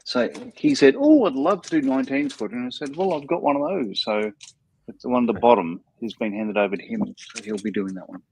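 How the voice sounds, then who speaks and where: A man's voice: mid-range voice, lively intonation, brisk, darkish tone, husky, poor audio. A man on a livestream panel, chatting casually and telling anecdotes. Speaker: panel guest. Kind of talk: casual live chat.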